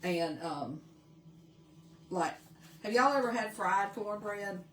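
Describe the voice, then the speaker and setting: A woman's voice: medium pitch, lively intonation, takes it slowly, reverberant, recorded from a distance. A woman from Tennessee with a Southern accent, chatting casually while demonstrating a craft on a live stream and greeting viewers by name. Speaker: craft livestream host.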